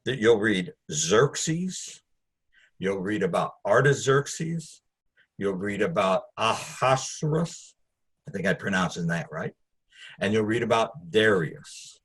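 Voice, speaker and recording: A man's voice: lowish voice, expressive, a little slow, slightly rough. A man teaching a Bible study, conversational and digressive, with asides to his listeners.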